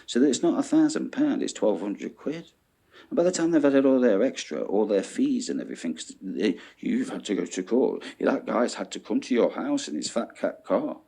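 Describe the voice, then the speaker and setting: Male vlogger, husky voice, swings widely in pitch, ranting monologue. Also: normal speed. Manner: animated, swearing, checks in with "yeah?".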